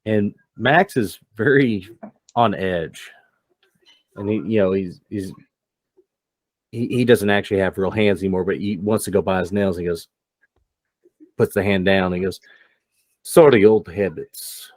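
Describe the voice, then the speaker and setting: A man's voice: low voice, normal speed, long pauses, no room sound. A man narrating a tabletop game as game master in a casual, rambling way. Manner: casual, rambling, many fillers.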